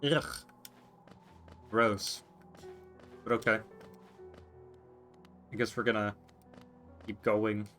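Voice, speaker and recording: A man's voice: fairly low pitch, flat delivery, extremely slow, pauses often, fairly bright tone, faint music behind. A man streaming a game, musing to himself in casual commentary and reading on-screen text aloud.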